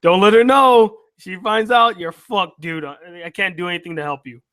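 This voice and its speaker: A man's voice: high voice, expressive, normal speed, bright, forceful tone. A tired, yawning man hosting a live chat, reading viewer comments and bantering back with loose, profane teasing. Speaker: YouTube channel host.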